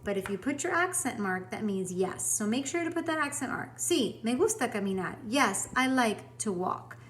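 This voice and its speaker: Encouraging woman teacher, fairly high voice, clear and upbeat, recorded lesson with a faint background hiss. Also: expressive. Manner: upbeat, clear and encouraging, slowing down to model example sentences. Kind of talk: recorded Spanish lesson for students.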